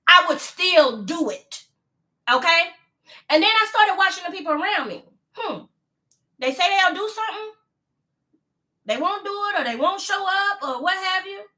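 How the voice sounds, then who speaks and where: A woman in her fifties with a high, bright, sharp voice talks casually to a live audience. She repeats her points for emphasis, drags out the lines she wants to land, and breaks off to greet viewers by name. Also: lively intonation. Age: 50s. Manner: slows down to stress key lines. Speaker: vlogger on a live stream.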